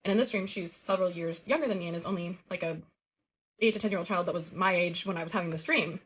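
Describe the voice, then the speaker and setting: A woman's voice: on the low side, fast talker, fairly bright tone, slightly rough. A woman telling the story of a recurring childhood dream in a casual, earnest way.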